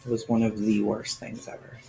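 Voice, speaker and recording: A man's voice: lowish voice, level tone, a little fast, gravelly, dark tone, soft background music. A man hosting a casual livestream, answering viewers' chat by name and sounding emotional and sighing as he talks. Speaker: livestream host.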